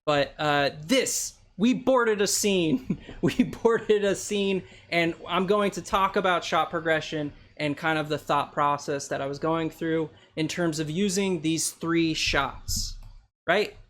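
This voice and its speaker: A man's voice: fairly high pitch, slow pace, fairly bright tone. A man teaching a live-streamed storyboarding class, talking in a rambling, hesitant, self-deprecating way.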